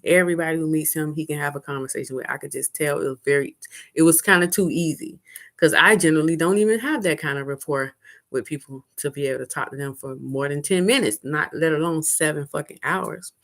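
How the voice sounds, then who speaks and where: A middle-aged woman casually tells a story about her own dating life. She's candid and profane, and she quotes people in an animated, high-pitched voice.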